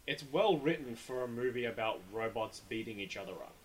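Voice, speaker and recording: A man's voice: mid-range voice, lively intonation, fairly quick, husky, rough recording. A man in casual chat, rambling and opinionated, often repeating words as he restarts.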